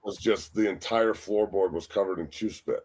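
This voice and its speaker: A man, a former pro football player, telling profane, animated stories as a guest on a sports talk show. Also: fairly low pitch, moderate pace, breathy edge. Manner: profane, animated, acts out quotes.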